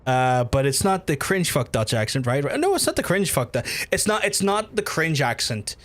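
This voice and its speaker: A man from Northern Ireland with a Belfast accent hosts a livestream, his voice on the high side and sing-song at a normal speed. He chats casually with viewers, swears freely, and restarts sentences as he goes.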